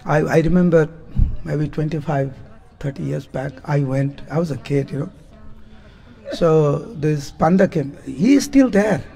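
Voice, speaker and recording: A man, telling devotional stories as a spiritual teacher, animated and often laughing as he acts out what people said. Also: a little high, measured pace, creaky. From India. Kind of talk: devotional storytelling lecture. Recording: long hall reverb.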